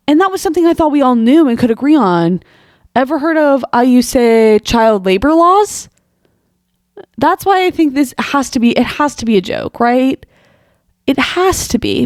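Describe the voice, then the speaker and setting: A young woman hosts a comedic monologue, reacting to absurd posts with exasperated disbelief and rapid rhetorical questions. Her voice sits at a middling pitch and sounds close and dry, with no room around it. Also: animated, no room sound. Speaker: podcast host. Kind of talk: comedic commentary reading posts aloud.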